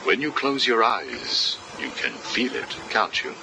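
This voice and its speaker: A cold, calculating psychiatrist villain. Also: male voice, medium pitch, gravelly, slight background noise, full character voice, poor audio. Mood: probing. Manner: calm, probing, deliberate. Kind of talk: video game voice acting.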